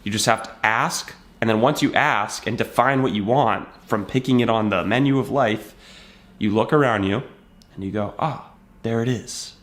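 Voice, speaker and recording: A man's voice: fairly low pitch, moderate pace, a bit bright. Man telling a motivational story. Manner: storytelling with acted-out dialogue, conversational fillers. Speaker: self-help video creator. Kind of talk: casual motivational talk to camera.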